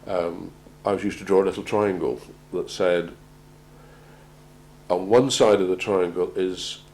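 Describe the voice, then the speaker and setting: A man gives a measured talk on crisis planning, often pausing and repeating words as he goes. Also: low voice, steady tone, a little mellow, low-quality recording. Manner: measured, halting, repeats words while finding them. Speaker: presenter on organisational crisis planning. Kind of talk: prepared talk to an audience.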